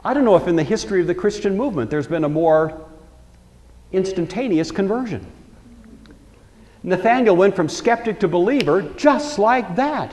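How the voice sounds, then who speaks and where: Lecturer, male, lively storyteller who slips into quoted voices; slightly high voice, reverberant hall. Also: moderate pace. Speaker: Bible lecturer. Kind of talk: recorded lecture.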